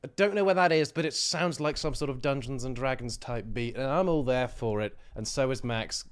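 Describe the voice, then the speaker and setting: A man's voice: medium pitch, brisk, smooth. A young man co-hosting a podcast, joking around in casual chat and slipping into silly voices. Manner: jokey, slips into silly voices. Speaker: podcast co-host.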